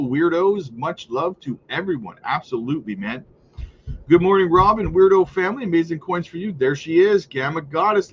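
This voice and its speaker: Brief: male live-stream host, fairly high voice, upbeat and chatty, slightly dull lo-fi audio. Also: a little hiss or hum. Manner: upbeat, chatty, tags lines with "right?" and "guys". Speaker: crypto livestream host. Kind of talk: casual livestream commentary, reading chat. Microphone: streaming setup mic.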